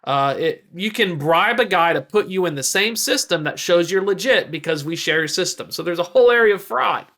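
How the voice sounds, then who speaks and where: Bright-voiced man explaining casually. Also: sits high, animated, brisk, hardly any pauses. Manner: casual, slangy storytelling. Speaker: trucking analyst. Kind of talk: podcast explainer.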